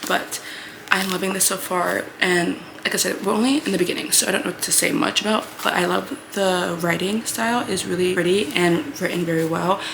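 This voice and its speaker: Young female book vlogger, low gravelly voice, excitable and chatty, noisy home recording. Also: a little fast. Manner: bubbly, gushing, filler-heavy with frequent "like". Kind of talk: casual reading vlog chat.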